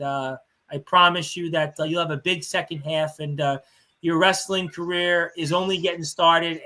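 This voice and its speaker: Chatty, bright-voiced male stream host. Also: a little high. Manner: chatty, rambling shout-outs with many fillers. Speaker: radio show host. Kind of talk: live-streamed talk show.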